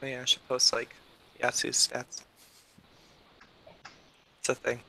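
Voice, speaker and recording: Slow, playful gamer. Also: medium pitch, monotone, gravelly, sharp tone, slight background noise. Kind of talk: casual tabletop game chat.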